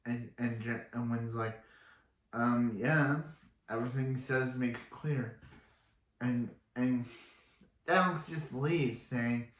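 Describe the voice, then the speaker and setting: A man's voice: medium pitch, fairly even intonation, slow pace, fairly bright tone, echoey room. A man casually recapping a TV episode, rambling and often restarting his sentences. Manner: rambling, repeats and restarts himself. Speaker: TV episode reviewer.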